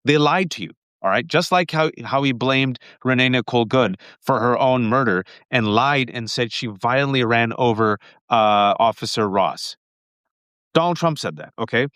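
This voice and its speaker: A man hosting a political livestream, talking fast and emphatically, often repeating his points. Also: medium pitch, a bit bright, dry recording, studio quality.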